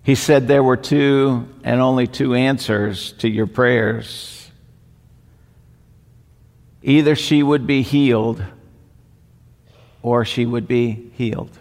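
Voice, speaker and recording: A man preaching a sermon with slow, deliberate emphatic repetition. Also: medium pitch, fairly even intonation, a little mellow. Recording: long hall reverb.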